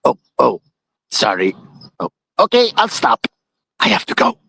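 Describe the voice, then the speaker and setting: A man's voice: medium pitch, huge pitch swings, measured pace, gravelly, pushed and bright, husky, no room sound, pitched below the performer's own voice, full character voice. A man voicing a flirty, silly male turtle acting as a tour guide, squealing and repeating himself. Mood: goofy. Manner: squealing, repeats words, goofy.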